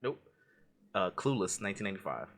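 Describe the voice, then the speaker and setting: Casting: bright, forceful male co-host, slightly low voice, playful and quick to laugh, hams up lines. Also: very animated. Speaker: podcast co-host. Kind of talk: casual chat, movie quote quiz.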